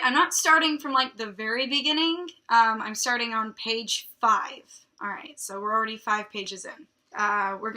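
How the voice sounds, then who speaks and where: A woman's voice: on the high side, bright, forceful tone. A young woman hosting a book show, reading a romance novel aloud and breaking in with sarcastic, mocking asides. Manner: snarky, mocking asides between read passages.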